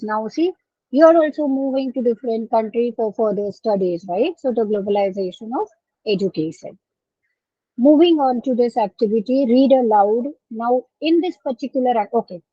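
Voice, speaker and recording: A woman with a fairly high voice teaches a live online exam-prep class, explaining each point step by step and checking in with "okay". The sound is dry and muffled, like a lo-fi online stream. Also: warm tone, dry recording. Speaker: English test instructor.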